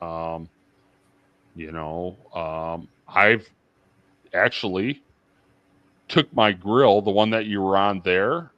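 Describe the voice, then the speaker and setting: Low-voiced, rambling middle-aged man. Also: slow pace, long pauses, a bit bright, no room sound, highs cut off. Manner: rambling, with many fillers and restarts. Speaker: guest. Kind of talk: casual livestream chat.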